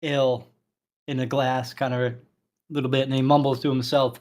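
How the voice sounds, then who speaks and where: A man's voice: mid-range voice, little pitch movement, moderate pace, a little mellow. A man playing a tabletop game, chatting with frequent giggles. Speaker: player. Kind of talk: casual tabletop game chat.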